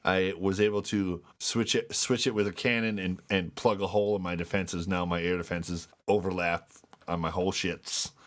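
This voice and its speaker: A man's voice: sits low, level tone, moderate pace, fairly bright tone. A man co-hosting a casual gaming podcast, joking around and slipping into silly voices. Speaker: podcast co-host. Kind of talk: casual chat.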